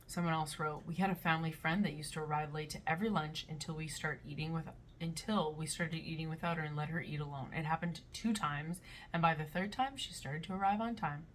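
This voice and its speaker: A young woman in her twenties hosting a casual reaction video, talking in a blunt, animated way and reading posts aloud. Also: sits low, a little fast, slight background noise. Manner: blunt and animated, with playful voices.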